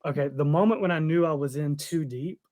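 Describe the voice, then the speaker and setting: A man's voice: fairly high pitch, fairly quick, background noise. A man co-hosting a podcast, telling a long story with frequent laughs. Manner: rambling storyteller, laughs often. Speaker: podcast co-host. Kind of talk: casual chat.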